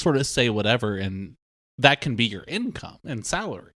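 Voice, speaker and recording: A man's voice: medium pitch, big pitch swings, normal speed, a bit bright, no echo, clean studio sound. A man co-hosting a comedy podcast, playfully egging on the bit with mock questions. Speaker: podcast co-host. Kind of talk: improvised comedy chat.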